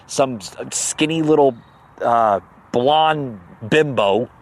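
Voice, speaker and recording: Taking it slowly in a mid-range voice, a male podcast host launches into an angry political tirade. He stammers, repeats phrases as his temper rises, and breaks into ridicule laced with sarcasm.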